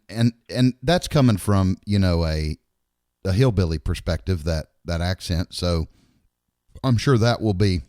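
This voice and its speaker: A man's voice: on the low side, darkish tone, no echo, studio quality. A middle-aged man, co-hosting a podcast in casual chat, rambling and bluntly swearing. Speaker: podcast co-host.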